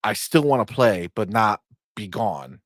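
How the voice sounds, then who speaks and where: A man in his thirties co-hosting a casual gaming podcast from his home game room, talking in an animated way with lots of fillers and swearing. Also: lowish voice, a little slow, no room sound, clean studio sound. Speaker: podcast co-host. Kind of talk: casual chat.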